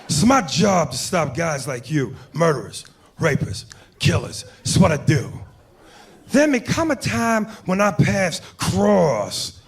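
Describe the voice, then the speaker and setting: A man doing an impression of an intense veteran movie cop, drawing out each word slowly, in a noisy live comedy room. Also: fairly high pitch, very animated, husky, exaggerated voice. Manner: slow, drawn-out delivery.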